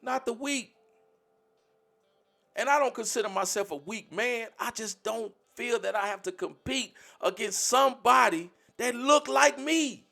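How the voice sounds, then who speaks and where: A man's voice: extremely high pitch, moderate pace, vocal fry, few pauses, sharp tone. A man on a livestream, speaking bluntly and profanely, lecturing his community in a preachy rant.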